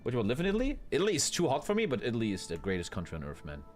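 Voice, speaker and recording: A German-accented man streams a strategy game, delivering casual, rambling commentary full of profanity and bro-talk. His medium-pitched voice swings wildly in pitch, he talks very fast, and soft music plays in the background.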